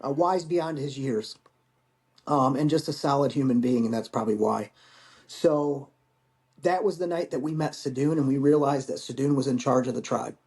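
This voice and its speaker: This Marine veteran, a guest on a podcast and in his forties, spins casual stories in an open, meandering style, cursing freely along the way. He speaks at a normal pace in a medium-pitched voice with a somewhat dark tone.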